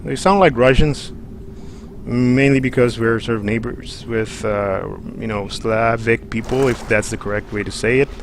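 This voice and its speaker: A man's voice: medium pitch, fairly even intonation, normal speed, noisy background. A man hosting a livestream, chatting and joking in a rambling way while he plays a game. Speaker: livestream host. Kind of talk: let's play commentary.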